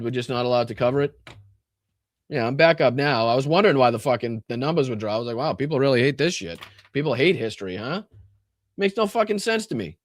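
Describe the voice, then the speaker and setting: A man hosting a live political podcast, ranting angrily and swearing, swinging between loud outbursts and low muttering, with a Boston accent. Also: no room sound, clean studio sound. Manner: profane, exasperated, swings from shouting to muttering. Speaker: podcast host. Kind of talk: angry livestream rant.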